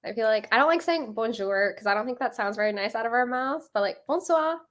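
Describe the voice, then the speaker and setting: A woman's voice: a little high, animated, brisk, fairly bright tone. A young American woman in casual chat, chatty and self-deprecating.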